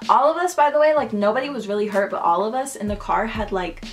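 A woman's voice: a little high, fast talker. A young woman telling a casual storytime, chatty and full of "like". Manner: chatty, heavy use of "like". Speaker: vlogger.

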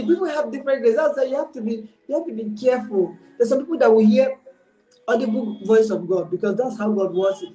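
A woman's voice: fairly high pitch, fast talker, warm tone. A woman giving an informal, exhorting online sermon, mixing in pidgin phrases. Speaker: preacher. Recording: roomy echo.

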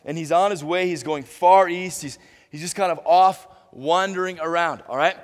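A man preaching a sermon as pastor, animated, stumbling and restarting often, and acting out little dialogues. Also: fairly high pitch, moderate pace. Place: church sanctuary. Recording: reverberant church hall.

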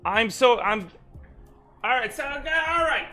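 A man's voice: extremely high pitch, lively intonation, unhurried, bright, forceful tone, faint music behind. A young man live-streaming in a casual, rambling way, exasperated and stammering through restarts as he talks to his chat.

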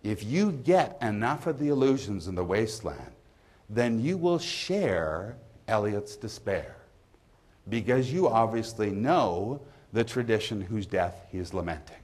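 A man who is a literature professor, giving a measured, emphatic university lecture in a lecture hall. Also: on the low side, very animated, darkish tone.

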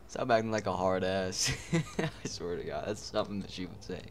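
A man's voice: low voice, a little slow, a little hiss or hum. Profane young man gaming commentary. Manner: profane, excitable, laughs a lot. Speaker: gaming streamer. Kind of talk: casual let's-play commentary.

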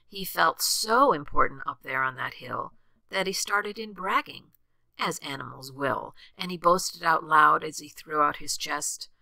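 An older woman reading a rhyming storybook aloud with expressive, sing-song rhythm. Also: deep voice, unhurried, gravelly, dry recording.

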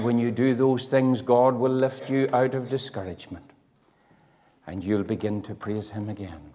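Impassioned preacher, man, long reverb. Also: on the low side. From Northern Ireland. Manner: impassioned, swings from loud to hushed. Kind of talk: sermon. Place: church hall.

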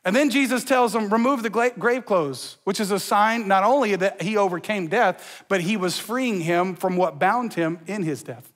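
High-voiced energetic pastor, jokey preaching in a church, with a long hall echo. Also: male voice, moderate pace. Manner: energetic and joking, talks to the crowd in slang. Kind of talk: sermon. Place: church sanctuary.

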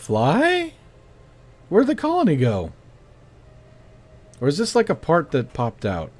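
A man's voice: a little high, wildly swooping pitch, slow pace, darkish tone, husky. A man casually commenting while playing a space-building game, joking around and muttering to himself. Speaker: gaming streamer.

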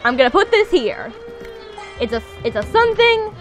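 A woman commenting on her video game as she plays, with excitable, squealing reactions. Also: high voice, normal speed, soft background music. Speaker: gamer playing a video game. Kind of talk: let's play commentary.

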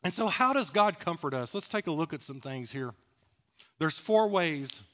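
A man's voice: fairly high pitch, lively intonation, normal speed, fairly bright tone. A man preaching a sermon as pastor in a church, talking candidly and conversationally, laughing at himself. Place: church sanctuary.

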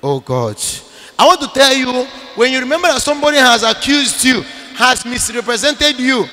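Male priest, sermon; forceful, bright tone, insistent repetition, reverberant hall sound. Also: extremely high pitch, big pitch swings, moderate pace. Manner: emphatic preaching with sudden loud bursts; repeats phrases for emphasis. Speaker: Catholic priest.

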